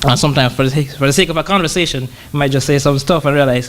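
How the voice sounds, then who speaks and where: A man preaching to his congregation in an easy conversational way, with a somewhat high voice. He pauses often and repeats words as he gathers his thoughts, then slows right down to read scripture. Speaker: church brother preaching. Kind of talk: conversational sermon.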